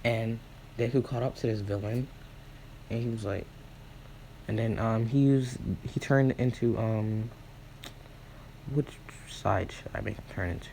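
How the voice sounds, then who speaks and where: Man, mellow dark voice, improvised fan storytelling, rambling with fillers and restarts, quick character asides. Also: fairly low pitch, fairly even intonation, creaky, slight background noise, rough recording. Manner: rambling, full of fillers and self-corrections. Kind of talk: improvised fan-fiction retelling.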